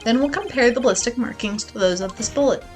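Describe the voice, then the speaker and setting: A woman's voice: a little high, fast talker, darkish tone, faint music behind, natural voice. A woman voicing an earnest young male defense attorney who lays out evidence steadily. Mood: pressing.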